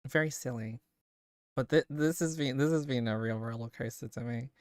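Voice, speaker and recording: A woman's voice: rumbling low, moderate pace, no room sound, studio quality. A woman streamer chatting casually and rambling with giggles while playing a game.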